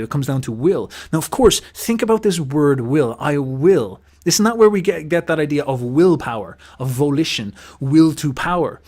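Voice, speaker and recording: A man hosting a casual philosophical monologue, emphatic and animated, swearing casually and mimicking other people's voices. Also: a little high. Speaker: host.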